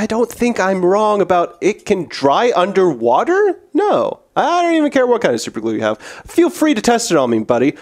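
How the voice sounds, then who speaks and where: A man in a playful debate who stammers before turning to confident taunts. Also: a little high. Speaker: debate contestant. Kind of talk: playful trash-talk debate.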